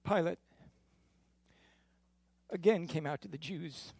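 Expressive man reading scripture slowly. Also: fairly high pitch, dry recording. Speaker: scripture reader. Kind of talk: dramatic scripture narration.

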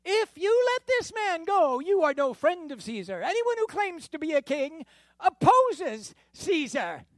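A man voicing an angry crowd in a dramatic scripture reading, shouting in drawn-out cries. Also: very high-pitched, very animated, dry recording, studio quality, pitched above the performer's own voice, exaggerated voice. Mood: furious.

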